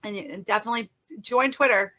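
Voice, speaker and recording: Female radio guest, bright voice, friendly and easygoing. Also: mid-range voice, fast. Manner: friendly, laughs easily. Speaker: guest, documentary maker. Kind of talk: casual radio interview.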